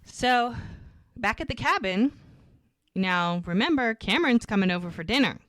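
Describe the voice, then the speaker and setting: In clean, echo-free studio audio, a woman with a rather high, slightly bright voice and lively intonation talks at normal speed. Co-hosting a podcast, she casually recaps episodes, retelling scenes and acting out the dialogue.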